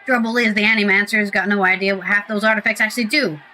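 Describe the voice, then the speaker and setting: A woman reading a gruff, scornful male townsman agitator in a loose British accent, in a bright voice. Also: medium pitch, fairly even intonation, fast, lightly acted, poor audio. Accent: British attempt.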